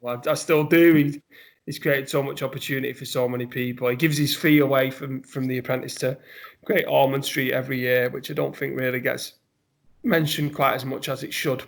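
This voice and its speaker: A man's voice: mid-range voice, vocal fry. A man from the UK, a podcast guest and motivational speaker, telling stories in a casual chat and laughing often. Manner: animated storyteller, laughs often.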